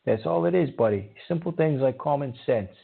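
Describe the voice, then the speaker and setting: Gravelly, husky radio host. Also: male voice, medium pitch, a little fast. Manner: animated, scolds rude callers. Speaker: radio call-in show host. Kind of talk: call-in radio banter. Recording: narrow phone-like audio.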